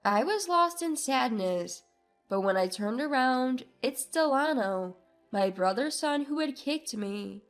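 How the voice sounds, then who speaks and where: A woman narrating a first-person family story in a measured, subdued way. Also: sits high, expressive. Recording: narration with soft background music.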